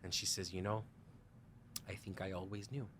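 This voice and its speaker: Low-voiced man telling his story. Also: fairly even intonation, moderate pace, fairly bright tone, slight background noise. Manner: quotes others in dialogue, frequent "like" and "you know"; laughs often while telling the story. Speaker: podcast guest. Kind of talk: candid personal storytelling.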